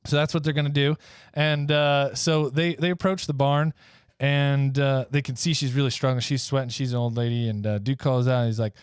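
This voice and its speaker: A man co-hosting a podcast who picks up a made-up comic story and tells it haltingly, with many uhs and ums. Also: medium pitch, steady tone, clean tone, dry recording, studio quality. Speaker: podcast co-host.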